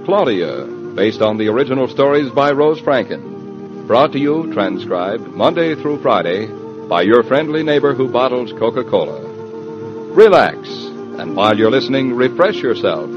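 Lively vintage radio announcer over organ. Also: male voice, mid-range voice, moderate pace. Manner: smooth, sponsor-friendly, intoning. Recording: dull old radio transcription. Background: organ music.

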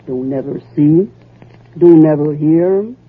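A woman playing a grumbling rural woman who scorns the boss, with a husky, drawling voice. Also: low voice. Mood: scornful, smug. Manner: slow drawling rural speech, laughs often. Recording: tinny phone-like old recording.

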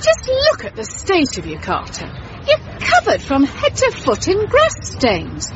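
An actress playing a prim, scolding young wife in a radio comedy drama. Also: female voice, wildly swooping pitch, a little slow, exaggerated voice. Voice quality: shrill, scolding. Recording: muffled old radio with crowd noise.

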